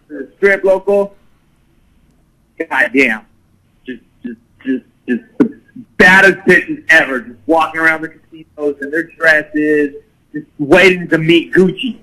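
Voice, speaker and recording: A man's voice: a little high, sharp tone, rough recording. A man telling a crude, profane party story in casual talk, full of swearing and laughter. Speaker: guest storyteller.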